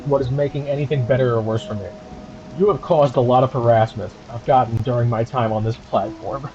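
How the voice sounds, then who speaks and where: A man's voice: mid-range voice, a little fast, a little mellow, lo-fi sound, soft background music. Angry profane man ranting on stream.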